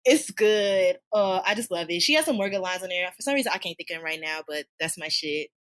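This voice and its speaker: A woman co-hosting a casual podcast chat, animated and slangy, laughing often. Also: on the low side, fast. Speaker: podcast co-host.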